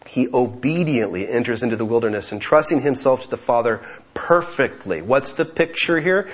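A man's voice: medium pitch, highs cut off. A man preaching an expository sermon, who keeps asking rhetorical questions and acts out the voices of the people in the story.

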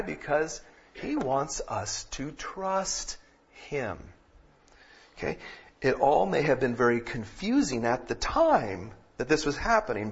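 Husky, lively-voiced preacher man. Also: fairly high pitch, highs cut off. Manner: builds from calm teaching to loud emphatic peaks. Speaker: pastor. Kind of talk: sermon.

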